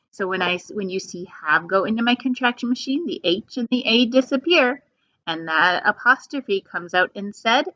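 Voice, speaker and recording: A woman teacher leading a phonics lesson for young children, drawing each sound out slowly and patiently. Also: medium pitch, pushed and bright, no echo. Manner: slow, patient, drawn-out sounds. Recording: dull lo-fi sound.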